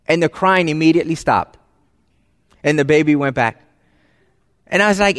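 Preaching in a long church hall full of reverberation, this high-voiced pastor keeps things relaxed and conversational, lowering to hushed tones to stress key points. He's expressive, moves at a moderate pace, and leaves long pauses.

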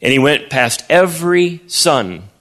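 Bright-voiced animated preacher man. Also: on the high side, unhurried. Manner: animated, acts out voices, repeats words. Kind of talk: sermon storytelling.

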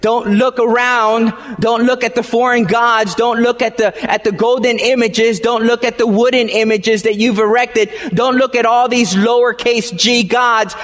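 Man, pastor preaching, high voice, slow deliberate delivery, long hall reverb. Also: fairly even intonation. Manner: emphatic, repeats phrases, swings between quiet and shouting. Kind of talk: sermon.

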